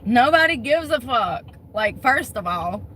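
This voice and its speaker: A woman's voice: fairly high pitch, expressive, measured pace, a bit bright, slight background noise. A woman who works as a bartender, venting bluntly with lots of swearing in a casual vlog.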